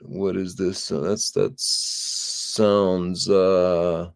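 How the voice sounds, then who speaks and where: Casting: male stream host, low voice with a dark, gravelly edge, unhurried delivery. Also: flat delivery. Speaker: livestream host. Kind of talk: casual chat, reading viewer comments aloud.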